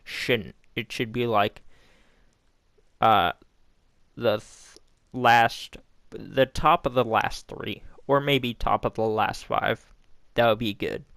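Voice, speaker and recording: Young guy with a gravelly voice going over last night's show, lots of um and you know, dry close mic. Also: mid-range voice, takes it slowly, long pauses, fairly bright tone, no room sound. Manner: rambling, filler-heavy, acts out quotes. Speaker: wrestling recap vlogger. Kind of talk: casual show recap.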